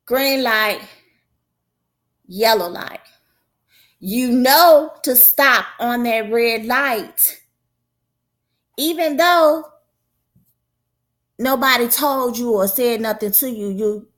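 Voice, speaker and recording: A woman's voice: on the high side, lively intonation, slow, fairly bright tone. A woman prophetess hosting her own show, giving a casual religious talk in a folksy, conversational way with a preaching lilt.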